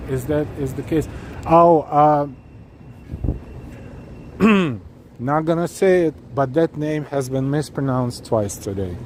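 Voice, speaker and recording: Strolling a city street in the evening, a chatty man with a slightly high voice hosts a live-stream walking tour. He talks earnestly and directly to viewers, reading chat aloud, and the handheld camera rig records faint traffic and city noise outdoors.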